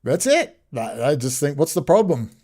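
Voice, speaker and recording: A man's voice: fairly high pitch, very animated, normal speed, mellow. A man ranting sarcastically in a rambling video commentary.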